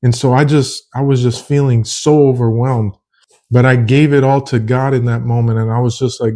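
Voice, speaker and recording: A man's voice: mid-range voice, steady tone, moderate pace, dark tone. A young man telling a personal faith story in an earnest, rambling, casual way, often repeating himself. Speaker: vlogger sharing a faith testimony.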